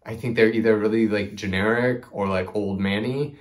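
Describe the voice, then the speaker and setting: A man's voice: lowish voice, fairly even intonation, moderate pace. A young man hosting a knitting video, chatting casually to camera with lots of "like" and "um". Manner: chatty, rambling, frequent "like" and "um". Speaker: knitting podcast host.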